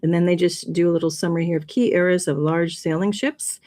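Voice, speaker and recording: A woman's voice: fairly low pitch, steady tone, fast talker, hardly any pauses, mellow. A woman hosting a livestream, talking casually and rambling a bit, with frequent laughs. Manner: rambling, chatty, laughs often. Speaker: livestream host. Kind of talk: casual presentation.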